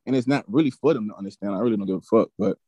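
A young man in his twenties, a podcast guest telling a story in a casual, animated, profane way that turns heated. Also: lowish voice, very fast, breathy edge, no echo. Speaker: podcast guest, former college football player.

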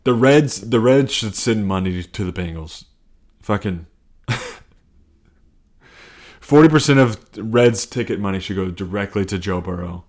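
A man's voice: lowish voice, a little slow, pauses often, darkish tone. A man hosting a casual solo podcast, rambling and swearing, interrupting himself as he talks. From Cincinnati. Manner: rambling, profane, self-interrupting. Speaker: podcast host.

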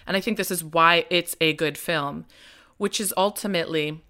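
A woman from Nebraska co-hosts a casual movie review podcast. Her voice is bright and sharp, and her delivery is enthusiastic and expressive. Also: lowish voice, moderate pace. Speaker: podcast co-host.

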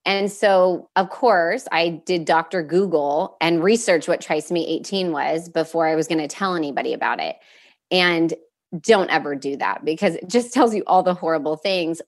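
Earnest young woman, slightly low voice. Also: normal speed. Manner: earnest and open, with many fillers and restarts; emotional at moments, with nervous laughs. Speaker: guest sharing a personal story. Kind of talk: candid conversational storytelling.

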